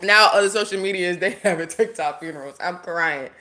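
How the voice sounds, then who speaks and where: A woman's voice: fairly low pitch, a little fast. A woman live streaming, ranting casually and bluntly to her viewers, talking to the chat and swearing freely. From United States. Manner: blunt, animated, talks straight to viewers and chat. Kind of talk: casual livestream rant.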